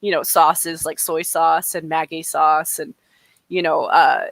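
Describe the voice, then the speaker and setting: A woman's voice: deep voice, level tone, unhurried, vocal fry, fairly bright tone, dry recording. A woman from northern Alberta with a Canadian accent, co-hosting a casual podcast chat, rambling and often laughing mid-sentence.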